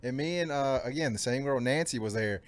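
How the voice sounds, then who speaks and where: A man's voice: medium pitch, fairly quick. A man co-hosting a podcast, telling workplace stories in a laid-back way and laughing easily. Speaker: podcast co-host. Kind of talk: casual chat, storytelling.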